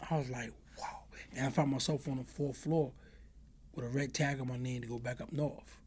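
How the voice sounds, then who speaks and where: A man's voice: medium pitch, steady tone, normal speed, noisy background. A middle-aged man telling stories from his past in an interview, acting out the voices of the people in them and often asking "you know what I mean". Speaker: interview guest. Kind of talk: casual storytelling.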